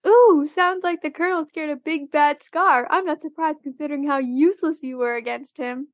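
A woman's voice: high voice, moderate pace, no echo. A woman doing a mocking teenage boy. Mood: taunting. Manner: taunting, singsong. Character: cocky teenage boy mocking his superior.

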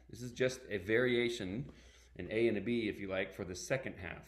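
A middle-aged man teaching a ukulele workshop, calmly explaining and vocalizing strum patterns by counting them aloud. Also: lowish voice, a little fast, faint music behind. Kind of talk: online music workshop lesson. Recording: echoey room with ukulele playing.

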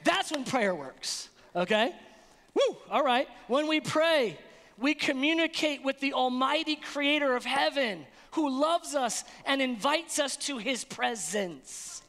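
A man preaching an energetic sermon as pastor, animated and playful, acting out little scenes. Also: very high-pitched, takes it slowly. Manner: animated, playful, acts out voices. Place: church sanctuary. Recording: long hall reverb.

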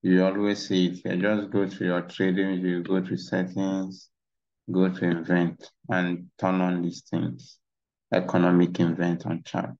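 A man with a low-pitched, slightly mellow voice and vocal fry speaks in a completely flat, unhurried way. He's a trading instructor rambling through charts in a casual screen-share tutorial, full of "you know," on a dull lo-fi mic.

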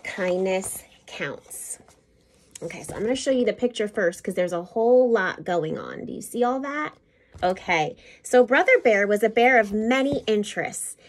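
A school principal, a woman, reading a picture book aloud to children in an expressive, teacherly way. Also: a little high, moderate pace.

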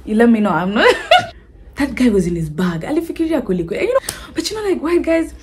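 A Kenyan woman vlogging casually, giggling often and reacting with animated chatter. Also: sits high, quick pace. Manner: giggly, animated, mixing in Swahili.

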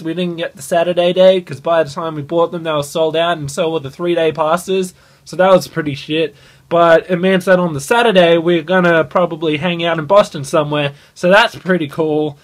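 A young man vlogging into a phone held at arm's length, excited and swearing a lot. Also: sits high. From Australia. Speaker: gaming channel host. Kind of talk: casual vlog.

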